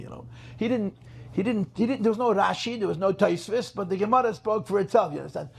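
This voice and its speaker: A man's voice: sits high, fast, vocal fry. A rabbi telling a story at a gathering, emphatic, repeating his phrases and mixing in Yiddish terms. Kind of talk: farbrengen storytelling talk.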